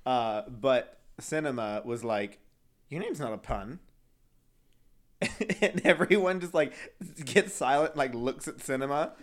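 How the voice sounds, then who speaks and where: A man's voice: mid-range voice, measured pace. A man co-hosting a podcast, chatting casually, with lots of giggles, fillers and rambling asides. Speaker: podcast co-host. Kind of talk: casual chat.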